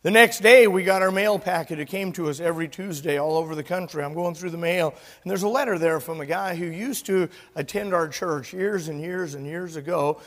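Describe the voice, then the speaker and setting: A pastor preaching a sermon, an animated storyteller who acts out the dialogue of his story. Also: a little high, fairly quick, few pauses. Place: church sanctuary. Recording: church hall reverb.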